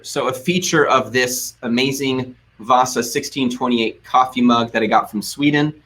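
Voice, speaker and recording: A man's voice: mid-range voice, fairly bright tone, a little hiss or hum. Upbeat American man hosting a webinar. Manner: upbeat, laughs often, quick asides. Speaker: host. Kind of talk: casual webinar chat.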